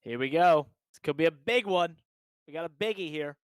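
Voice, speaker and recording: A man hosting a live racing stream, pitched a touch high with a smooth, polished tone. He calls each lap with mounting excitement and keeps repeating his favorite hype phrases. The sound is dry and close, with no room around it. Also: brisk, dry recording. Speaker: sim racing broadcast host. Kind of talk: live race commentary.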